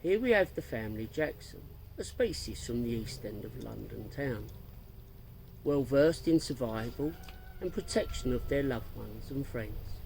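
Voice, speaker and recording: A man's voice: mid-range voice, lively intonation, a little slow, creaky, darkish tone, a little hiss or hum, rough recording. A man voicing a playful, show-off family man who narrates a mock nature documentary in grandiose tones. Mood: mock-solemn.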